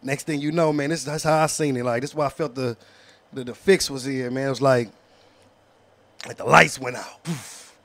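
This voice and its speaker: A man telling an animated, profane story in casual slangy street talk as a guest, often asking "you know what I'm saying". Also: mid-range voice, normal speed. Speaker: battle rapper.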